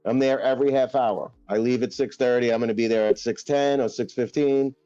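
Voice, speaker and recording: A man's voice: mid-range voice, fairly even intonation, brisk, dark tone, smooth, no echo, muffled recording, faint music behind. A man co-hosting a podcast in casual chat, laid-back and slangy, giving short replies. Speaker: podcast co-host.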